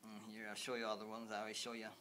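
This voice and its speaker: A man making a casual home video about video games, talking in a halting, repetitive way with many restarts. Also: on the low side, completely flat delivery, pushed and bright, a little hiss or hum. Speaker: video game vlogger. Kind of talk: rambling home video chat.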